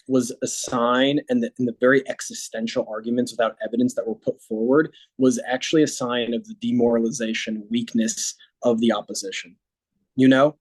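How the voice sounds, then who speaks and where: A man in a political discussion who agrees readily and builds on the previous point. His voice is mid-pitched, and the sound is dry and close. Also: darkish tone, no room sound. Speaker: panel guest.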